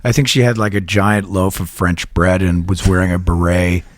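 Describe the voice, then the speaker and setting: A man's voice: low voice, flat delivery, normal speed. A man hosting a casual talk show, rambling through crude anecdotes, laughing at his own stories and mimicking voices. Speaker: podcast host. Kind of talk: casual storytelling chat.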